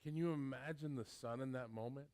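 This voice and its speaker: Man, pastor, sermon, animated retelling, stammers and repeats, mid-pitched voice. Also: a little fast.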